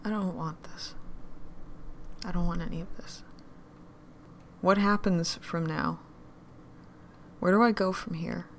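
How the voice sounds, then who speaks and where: A drunk, grieving woman, played by an actress in an audio drama, talking slowly in a low, gravelly voice that cracks into fry. She is bitter and lost. Her voice drops to whispers and then rises into louder outbursts. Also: steady tone, a little hiss or hum. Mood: despairing. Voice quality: drunken, swings between whispering and raised voice.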